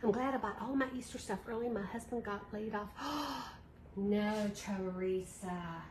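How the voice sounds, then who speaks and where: Chatty woman crafting on a livestream. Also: mid-range voice. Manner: chatty, reads viewer comments aloud. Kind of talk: casual livestream chat while crafting. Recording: echoey room with clear background noise.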